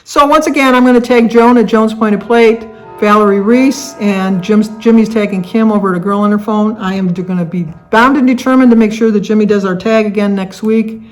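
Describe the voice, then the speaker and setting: A woman's voice: medium pitch, fairly even intonation, brisk, hardly any pauses, faint music behind. An older woman from the Detroit area, United States, chatting casually to camera as a vlogger, rambling with lots of fillers and restarts. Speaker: vlogger hosting a tag video.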